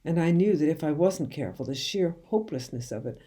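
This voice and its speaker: Low, mellow woman reading a storybook. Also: animated, a little fast, slight background noise. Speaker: children's book reader. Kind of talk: reading a children's novel aloud.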